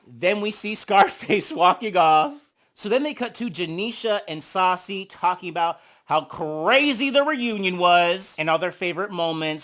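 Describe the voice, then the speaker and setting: Young reality recap host, sassy and profane, bright tone, mid pitch. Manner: sassy, gossipy, swears a lot, acts out quotes; big swings in pitch and loudness when reacting. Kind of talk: casual commentary.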